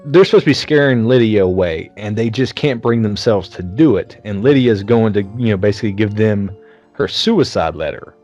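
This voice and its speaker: A man's voice: fairly low pitch, normal speed, faint music behind. A man hosting a casual film review chat over beers, retelling scenes with lots of swearing. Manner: profane, lively scene-by-scene retelling. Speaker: podcast host.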